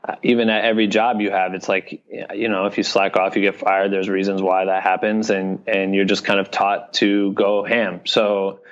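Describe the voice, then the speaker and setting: Young man from Iowa, low monotone voice, rambling casual talk, muffled audio. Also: moderate pace. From Iowa, United States. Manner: rambling, frequent "you know what I mean". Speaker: podcast guest, video director.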